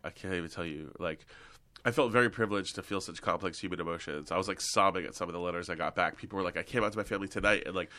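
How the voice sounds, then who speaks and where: A male actor and comedian chatting as a podcast guest, telling animated stories full of "like". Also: low-pitched, fast talker. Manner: animated storyteller, lots of "like". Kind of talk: casual podcast chat.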